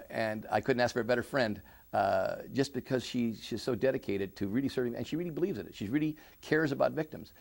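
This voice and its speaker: A middle-aged man giving an oral history interview, speaking earnestly with many halting restarts. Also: fairly low pitch, vocal fry. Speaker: interviewee, victim services director.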